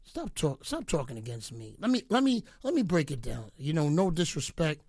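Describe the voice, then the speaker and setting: A middle-aged radio DJ rants boastfully and tauntingly at his rivals, mock-pleading with them to leave him alone. His voice is a little high and a little mellow, very animated at normal speed, in a dry, clean studio recording.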